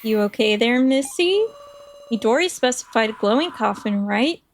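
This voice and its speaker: A woman voicing a laid-back adult man in a game, brisk and offhand. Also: on the high side, animated, slight background noise, close to an everyday voice.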